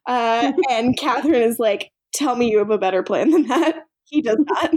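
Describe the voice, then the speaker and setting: A woman's voice: on the high side, normal speed, a little mellow. A young woman co-hosting a casual podcast, recapping a TV episode, laughing often and acting out the characters' lines with casual swearing.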